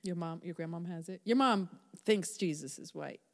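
A woman co-hosting a casual podcast chat, loud, playful and profane, often cutting in on her co-host. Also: fairly low pitch, normal speed, big-room sound.

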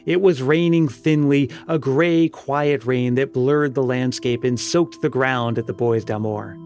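A man narrating an audiobook tale in a measured, solemn storytelling manner. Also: medium pitch, a little mellow. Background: music.

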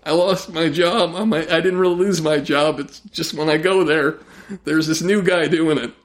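A man voicing a nervous young male comic who stammers with ums and breaks into high, strained shrieks. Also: steady tone, normal speed, natural voice. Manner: hesitant with many ums, then sudden yelling.

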